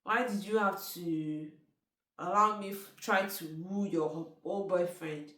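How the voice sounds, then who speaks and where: A woman's voice: on the low side, slow, fairly bright tone. A woman, casually retelling a film's plot and often turning to ask the listener questions. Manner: chatty, asks the listener questions, restarts often. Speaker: storyteller recapping a film. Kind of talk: casual spoken movie recap. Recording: roomy sound from a distant mic.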